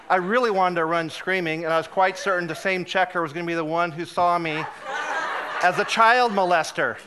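A man preaching a sermon, telling a funny personal story with lively, self-deprecating humor and frequent laughs. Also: sits high, fairly quick, a little hiss or hum. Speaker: guest preacher.

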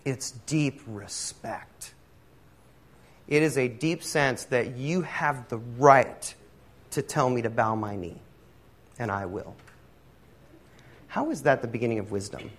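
A man's voice: mid-range voice, slow pace, long pauses. Rambling, conversational male pastor. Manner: rambling, with many fillers, self-deprecating humor. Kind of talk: conversational sermon.

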